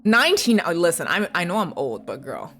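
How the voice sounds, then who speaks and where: Excitable lady streamer chatting w chat, voice jumps all over, squeals hellos. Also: lowish voice, fairly quick, soft background music. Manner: giggly, excitable, squealing greetings. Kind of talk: casual livestream chat with viewers.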